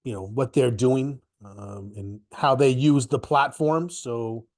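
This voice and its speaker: A man's voice: medium pitch, takes it slowly, darkish tone. A middle-aged man with a cold, stuffy and coughing now and then, hosting a live market webinar in a rambling, chatty way that often restarts sentences. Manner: rambling, self-correcting, chatty. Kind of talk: casual live webinar talk.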